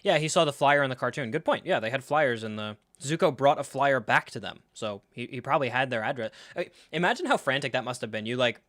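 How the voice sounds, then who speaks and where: Swearing, animated reaction-stream host, man. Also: medium pitch, fast, hardly any pauses, dry recording, studio quality. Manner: animated, sarcastic, swears freely, laughs, acts out scenes. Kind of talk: casual live reaction commentary.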